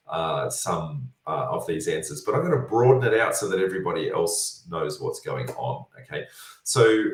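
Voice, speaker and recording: A man's voice: sits low, distant mic. A tired man, a property educator answering viewer questions in an online session, teaching point by point with lots of fillers and calling his listeners folks. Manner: instructive, repeats points, many fillers. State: tired, yawning. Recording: roomy sound, voice set back from the mic.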